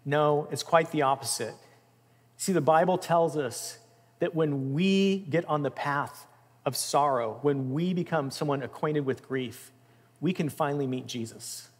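A man preaching a sermon in an earnest, emphatic way, rising in intensity and dropping softly. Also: on the high side, measured pace, husky. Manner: earnest, emphatic, with swells of intensity and soft drops. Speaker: pastor. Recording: long reverb of a large room.

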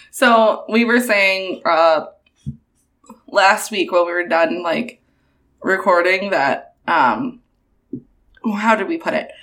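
A woman's voice: lowish voice, slow pace, long pauses, fairly bright tone. A young woman co-hosting a podcast in casual chat, laughing often and swearing freely. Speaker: podcast co-host.

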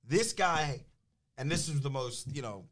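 A man's voice: mid-range voice, animated, unhurried, a bit bright, a little hiss or hum. A man with a New Jersey accent telling a story in casual conversation, acting out both sides of phone calls and getting heated. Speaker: business development director. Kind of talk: animated storytelling in casual chat.

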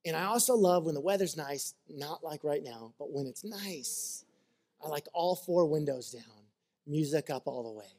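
A man's voice: fairly high pitch, lively intonation, moderate pace, darkish tone. A man preaching a sermon as a pastor, earnest and conversational, mixing scripture with personal stories.

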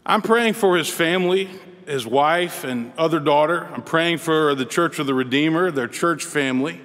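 A man with a fairly high voice preaches to his congregation in an earnest, measured way, pausing between thoughts. His voice carries a long reverb, as if in a large church hall. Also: fairly bright tone. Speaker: pastor. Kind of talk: sermon.

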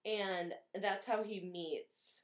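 Young woman, casual podcast co-host, giggly, filler-heavy, mid-pitched voice. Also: steady tone, very slow. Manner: laughs often, many fillers. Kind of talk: casual movie discussion.

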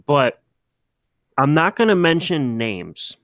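A young man co-hosting a casual podcast, telling animated, swear-filled stories in a relaxed chat. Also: on the high side, slow, no room sound. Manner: animated storytelling, swears, mimics himself. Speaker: podcast co-host.

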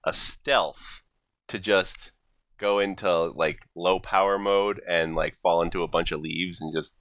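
A player at a tabletop game chatting casually, lively and given to loud high cries. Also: unhurried, dry recording.

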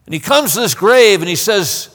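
A man's voice: sits high, animated, normal speed, a bit bright. A man preaching a sermon in an impassioned way, often stammering and repeating words. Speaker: pastor. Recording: long hall reverb.

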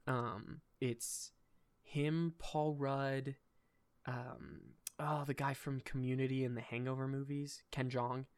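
Brief: young guy hosting a chat podcast, mid-pitched, excitable, rambles with lots of fillers. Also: slow pace, clean tone. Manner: rambling, enthusiastic, swears casually, many fillers. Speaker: podcast host. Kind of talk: casual chat.

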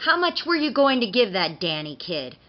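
A woman's voice: a little high, sing-song, normal speed. A woman voicing a cruel, foul-mouthed male imp with a tail and a cane, snarling and mocking, on a dull lo-fi recording. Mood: menacing. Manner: snarling, mocking, shouting threats.

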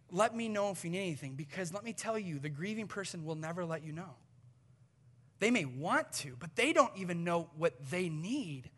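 A male pastor with a high, bright, ringing voice delivers a sermon. He swings from loud, urgent appeals down to hushed, near-whispered lines. He acts out small quoted exchanges as he goes.

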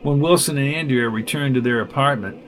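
A man narrating a science fiction story aloud in a steady storytelling manner. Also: mid-range voice, fairly quick, a little hiss or hum. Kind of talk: audiobook narration.

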